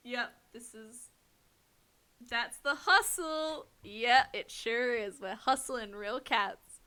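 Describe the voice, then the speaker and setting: A woman's voice: on the high side, drawn-out words, long pauses, pushed and bright, clean tone. A young woman commenting on a dating game on a live stream, chatty and giggly, tired from no sleep, at a desk microphone at home. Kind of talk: game let's-play commentary.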